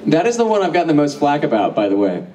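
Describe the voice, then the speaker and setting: Captured by a distant mic in a packed convention hall, a voice actor on a panel answers fans in a fairly high, mellow voice that swoops wildly in pitch at a quick pace. The Q&A is casual and profane, full of his laughter, swearing and stories.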